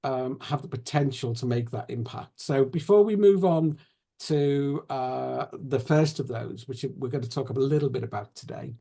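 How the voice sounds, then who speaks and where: A man's voice: medium pitch, normal speed, vocal fry, mellow. A man hosting a conversational interview, rambling and searching for his words as he asks questions. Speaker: host.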